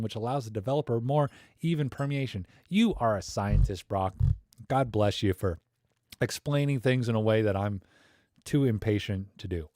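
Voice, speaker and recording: A man's voice: lowish voice, mellow, dry recording. Man hosting a casual, dry-sounding livestream. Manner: rambling, enthusiastic, slangy. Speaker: livestream host. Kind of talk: casual live Q&A chat.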